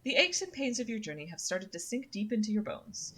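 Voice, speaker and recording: A woman's voice: mid-range voice, animated, brisk, fairly bright tone, a little hiss or hum. A young woman streaming a story game, chatting casually and reading the game's narration aloud. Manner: chatty, reads narration in second person, fillers like um and uh. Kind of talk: casual let's-play commentary and reading game text aloud.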